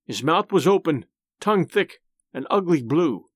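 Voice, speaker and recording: A man's voice: a little high, lively intonation, measured pace, no room sound. Dramatic male audiobook narrator. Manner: dramatic, suspenseful.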